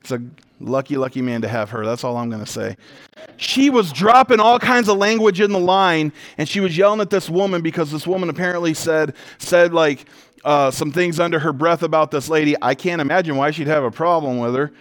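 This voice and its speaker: A man preaching a sermon as a pastor, animated and emphatic, moving between loud declarations, quiet intensity and humorous storytelling. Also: a little high, brisk. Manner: conversational storytelling with self-deprecating humor.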